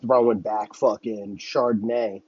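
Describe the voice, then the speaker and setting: Husky-voiced man on a profane, heated rant. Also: fairly low pitch, fairly even intonation, measured pace, a little mellow, dry recording, highs cut off. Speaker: podcast host. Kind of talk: solo political commentary rant.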